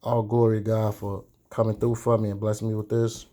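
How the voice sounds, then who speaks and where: Young man, candid chatty storyteller, mellow warm tone, casual vlog. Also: lowish voice, level tone. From Chicago. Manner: candid, chatty, drawn-out pauses. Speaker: sneaker vlogger.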